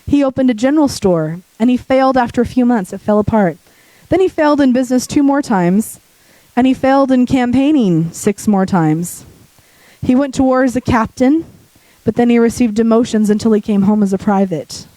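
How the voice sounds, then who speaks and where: A woman preaching a sermon in a church while sick, her voice deepening, talking conversationally and joking with the congregation. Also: moderate pace, mellow, dry recording, poor audio.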